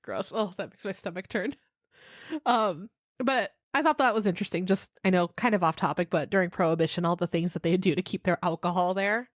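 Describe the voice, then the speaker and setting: A woman co-hosting a podcast in casual chat, giggly and expressive, often laughing as she talks. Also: lowish voice, a little fast, no echo, studio quality. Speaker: podcast co-host.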